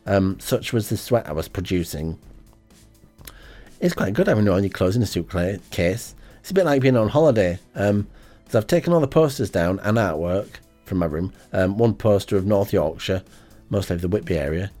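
Hosting an amateur radio show, a man with a fairly low voice rambles through a comic monologue at normal speed. His delivery is deadpan and hesitant, full of ums, with faint music playing behind him.

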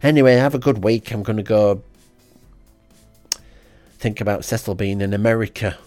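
A man reading out a comic diary in a deadpan, rambling way. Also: lowish voice, moderate pace, dry recording, faint music behind. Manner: deadpan and rambling, with frequent ums. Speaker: comedy podcast host.

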